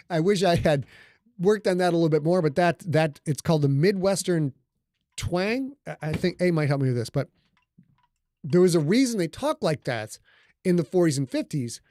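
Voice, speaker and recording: A man's voice: fairly high pitch, animated, normal speed, mellow, dry recording. A middle-aged man hosting a casual livestream, talking loosely and joking with his audience. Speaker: livestream host and author. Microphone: studio microphone.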